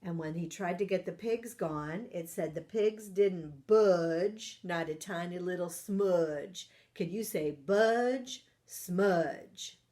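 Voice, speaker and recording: A woman reading a children's picture book aloud, animated, asking her young listeners questions and gasping for effect. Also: lowish voice, slow pace, few pauses. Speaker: parent partner reading storytime.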